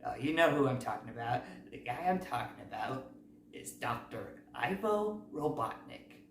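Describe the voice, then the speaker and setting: A man hosting a casual movie recap, talking in a rambling, self-correcting way. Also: mid-range voice. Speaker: movie review host. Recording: roomy, distant mic, faint noise.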